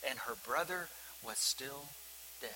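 A man preaching a sermon as pastor, swinging from loud emphasis to hushed, near-whispered lines. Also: mid-range voice, slow. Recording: reverberant hall with faint hiss.

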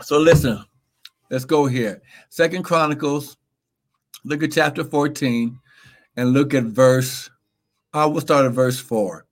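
A man's voice: medium pitch, a little slow, long pauses. A man preaching in a live Bible teaching, reading scripture, repeating words and calling for amens. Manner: animated, repeats words, asks amen.

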